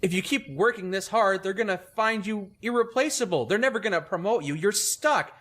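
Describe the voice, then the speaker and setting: Co-host dude with a high bright bouncy voice, throwing in dry teasing jokes. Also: male voice, fairly quick. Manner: wry, teasing interjections. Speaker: podcast co-host. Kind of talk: casual chat.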